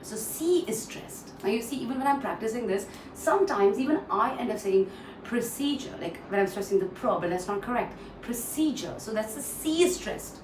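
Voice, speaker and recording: A woman's voice: on the high side, lively intonation. Indian woman teaching pronunciation, echoey room. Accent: Indian English. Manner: repeats words slowly, mixes in Hindi phrases. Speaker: English pronunciation trainer. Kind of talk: casual online pronunciation lesson. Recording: echoey room, distant mic, faint noise.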